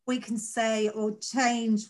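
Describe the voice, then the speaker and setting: A woman's voice: fairly high pitch, level tone, slow. Agreeable woman, reflective chat. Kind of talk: casual conversation.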